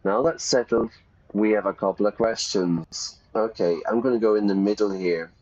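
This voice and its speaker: A man teaching English over a video game in a casual, chatty way. He reads lines aloud and explains words in a fairly low voice. The sound is slightly dull. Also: moderate pace, a little mellow. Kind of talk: casual let's-play lesson.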